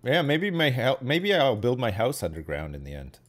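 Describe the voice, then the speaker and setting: This streamer, a man in his thirties, speaks in a mid-range voice with huge pitch swings at a normal speed. While gaming he chats casually and rambles, leaning heavily on hedges, fillers and tag questions.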